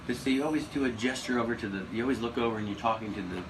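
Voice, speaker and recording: A man in his fifties, a comedian guest, telling stories in a casual interview, animated and profane, often restarting his sentences. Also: medium pitch, rapid-fire. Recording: noisy recording.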